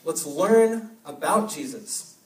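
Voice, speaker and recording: A young man giving an energetic youth sermon, urging with short repeated commands. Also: on the high side, takes it slowly. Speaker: youth pastor. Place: church hall. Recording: echoey hall, mic from a distance.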